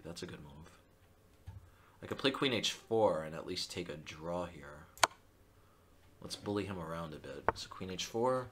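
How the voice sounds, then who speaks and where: A male chess streamer thinking aloud through his live game, excitable and self-mocking. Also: low voice, a little hiss or hum.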